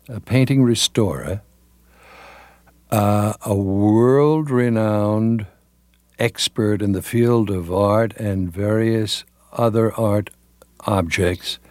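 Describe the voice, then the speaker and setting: An older man talks slowly in a low voice, pausing often with fillers and restarts. He is a veteran announcer looking back on his career, and the sound is close and dry. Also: darkish tone, dry recording. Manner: halting, many fillers and restarts, drops into announcer voice for quotes. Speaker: television announcer, guest. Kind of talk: reminiscing interview.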